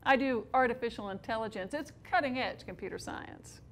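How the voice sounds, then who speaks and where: A cocky young man, boyish and jokey, breezily bragging, as a woman recounts him. His voice stays high and near her own. There is faint hiss underneath. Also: fairly quick, fairly bright tone. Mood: boastful.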